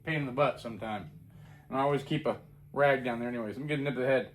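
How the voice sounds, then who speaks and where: A man's voice: mid-range voice, very fast. Rambling man reviewing homebrew beer. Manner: rambling, self-correcting, chatty. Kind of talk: casual product review.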